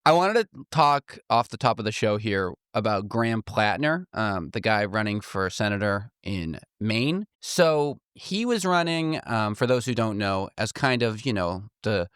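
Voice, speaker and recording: A man's voice: on the low side, big pitch swings, unhurried, few pauses, a bit bright, smooth, no echo, clean studio sound. A man co-hosting a casual political podcast, chatty and self-deprecating, laughing often. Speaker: podcast co-host.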